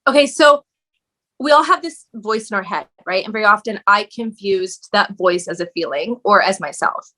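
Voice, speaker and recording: A woman guest on a podcast, telling her story candidly in an animated way, swearing casually and laughing often. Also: mid-range voice, normal speed.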